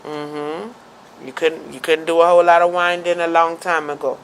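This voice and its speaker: Talk host, gravelly, emphatic and argumentative, stammers into points. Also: medium pitch, little pitch movement, moderate pace, slight background noise, rough recording. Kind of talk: casual debate and show sign-off.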